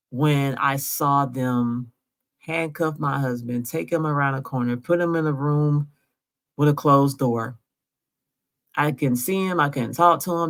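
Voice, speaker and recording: Gravelly, insistent woman telling her story. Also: deep voice, fairly bright tone. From Georgia, US. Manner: insistent, keeps asking "right?". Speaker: vlogger. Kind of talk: emotional direct-to-camera vlog.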